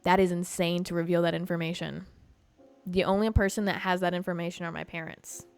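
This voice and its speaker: Young woman podcaster rambling a personal story, swears a lot, says like constantly, soft music under it. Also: lowish voice, flat delivery, fairly quick, vocal fry, clear, resonant tone. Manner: chatty and profane, heavy use of "like". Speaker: podcast host. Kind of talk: casual storytelling to a stream audience.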